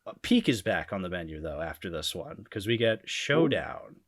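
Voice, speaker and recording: A man's voice: deep voice, big pitch swings, normal speed, no echo, clean studio sound. A man chatting casually on a podcast about old cartoons, laughing often and restarting his sentences. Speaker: podcast panelist.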